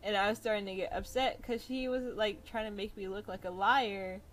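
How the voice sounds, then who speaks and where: A woman's voice: medium pitch, fairly even intonation, a little fast, low-quality recording. A young woman casually telling stories on a drawing stream, chatty and laughing often as she goes. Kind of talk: casual storytelling while drawing. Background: soft jazz music.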